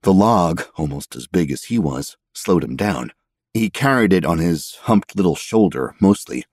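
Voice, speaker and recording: A man reading a story aloud in the first person, measured and steady. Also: low voice, slightly rough, dry recording, clean studio sound. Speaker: audiobook narrator. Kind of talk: scripted story narration.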